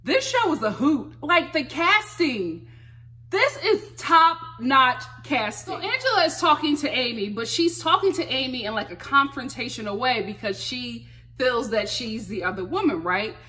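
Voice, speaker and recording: A woman's voice: high voice, expressive, normal speed, bright, forceful tone. A woman vlogger recapping a reality show in casual, gossipy commentary, laughing often and recording on her phone.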